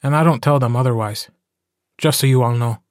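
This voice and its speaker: A man's voice: medium pitch, fairly quick, dry recording, clean studio sound, close to an everyday voice. Man doing a brash, teasing young guy. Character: cocky, joking young man.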